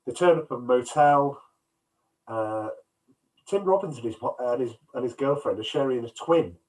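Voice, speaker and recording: A man's voice: mid-range voice, animated, normal speed, a little mellow. A man co-hosting a film podcast, casually retelling scenes and acting out quotes, on a video call. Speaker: podcast co-host. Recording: distant from the mic, headset.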